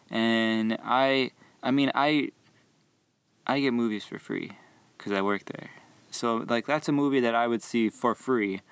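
Young man with a gravelly, dry voice. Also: lowish voice, no room sound. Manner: rambling, animated, laughs while telling. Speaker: movie theater concession worker. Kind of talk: casual storytelling about work.

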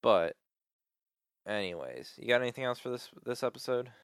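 A man's voice: mid-range voice, sing-song, moderate pace, a bit bright, smooth, no echo, studio quality. A young man co-hosting a podcast, chatting casually and rambling with lots of fillers and restarts. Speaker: podcast co-host. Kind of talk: casual chat.

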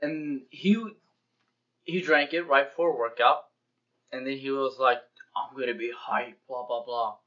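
Young man, casual podcast chat, animated, acts out dialogue, swears freely, muffled lo-fi sound. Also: mid-range voice, unhurried. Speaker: podcast co-host. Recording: dull lo-fi podcast audio.

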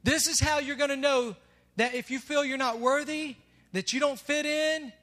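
High, bright-voiced preacher in a hall. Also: male voice, steady tone, normal speed. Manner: emphatic, swinging between soft asides and loud declarations. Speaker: pastor. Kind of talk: sermon. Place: church sanctuary. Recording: long reverb of a large hall, faint music.

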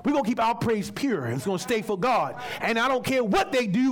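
A man in the pulpit, high-pitched and expressive, preaching in a loose, colloquial way. He slips into acted-out voices to make his points and keeps the congregation involved. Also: a little fast, hardly any pauses. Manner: teaches with props and volunteers, calls on readers. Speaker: pastor. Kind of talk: sermon.

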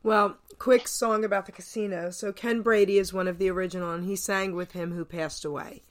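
A woman's voice: medium pitch, steady tone, fairly quick. A woman from New Jersey hosting a radio show, telling stories in a chatty way with eager exclamations. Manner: chatty storyteller, enthusiastic exclamations. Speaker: radio host. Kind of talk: casual radio interview.

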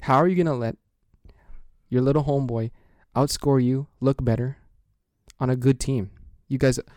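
A man on a sports podcast launches into a rambling, excitable rant while playing along with a jokey courtroom bit. His voice sits in a middle register. The sound is dry and close, with no room echo at all. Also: mid-range voice, normal speed. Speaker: podcast co-host. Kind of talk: mock courtroom banter.

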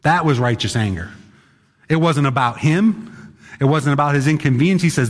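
A man's voice: medium pitch, lively intonation, fairly quick. A male pastor preaching a sermon in a conversational, emphatic way, sometimes acting out the voices of others. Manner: emphatic, conversational, acts out quotes. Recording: long hall reverb.

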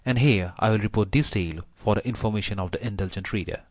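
Male audiobook narrator, low voice, measured and even reading, dry recording. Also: dry recording.

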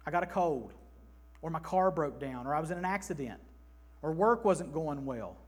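A man in his thirties preaching an emphatic, animated sermon in a church, slipping into mock voices. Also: a little high, normal speed, slightly rough. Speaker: pastor.

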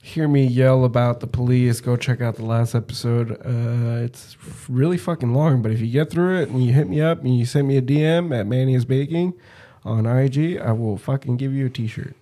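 A man's voice: medium pitch, moderate pace, warm tone. Profane laid-back podcast host man. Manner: loose, profane storytelling. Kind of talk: casual podcast chat.

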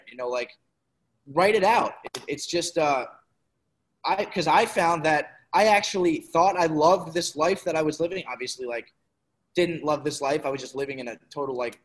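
A man co-hosting a podcast in casual chat, rambling with many restarts. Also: a little high. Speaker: podcast co-host.

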